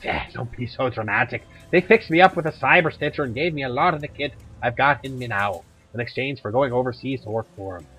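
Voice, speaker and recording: Voicing a gruff, chatty monster hunter, a tough middle-aged Irish woman, a man puts on an Irish accent that slides toward Scottish and keeps the talk blunt. He speaks briskly at medium pitch with a sharp tone and hardly pauses. Faint music plays behind the rough recording.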